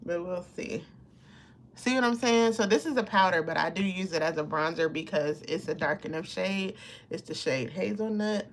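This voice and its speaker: A woman around fifty hosts a casual live makeup chat. She talks warmly to her viewers, laughs often and gets emotional as she applies her makeup. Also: lowish voice, normal speed. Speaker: beauty livestream host.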